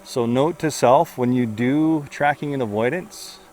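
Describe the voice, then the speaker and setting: A man doing excitable, casual commentary outdoors while flying and chasing a drone, out of breath at times. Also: mid-range voice, unhurried, a little hiss or hum. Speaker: drone reviewer. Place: outdoors among trees.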